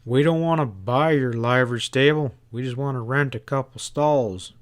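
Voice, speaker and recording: A male narrator voicing Pat, a steady, level-headed cowboy gunman who talks firmly and tersely. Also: mid-range voice, moderate pace, natural voice.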